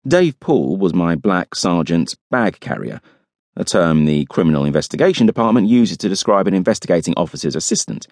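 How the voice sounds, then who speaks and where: A man's voice: low-pitched, big pitch swings, fairly quick, darkish tone, no room sound. A man narrating a first-person audiobook with wry, dry humour.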